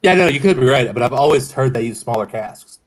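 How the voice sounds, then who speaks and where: In an animated, mid-range voice, a man hosts a casual whiskey-tasting livestream at a fairly quick pace. He rambles and hedges, often correcting himself as he goes.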